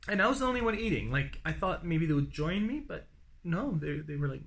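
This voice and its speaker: A man's voice: on the high side, animated, normal speed. A young man telling the story of his day in a casual spoken travel diary, rambling with many fillers and restarts and acting out what people said to him. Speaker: traveler recording a daily diary.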